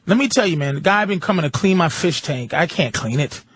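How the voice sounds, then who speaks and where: An American man telling a story in casual chat, profane and animated, often mimicking the voices of others. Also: on the high side, a little fast. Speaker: radio show guest comedian.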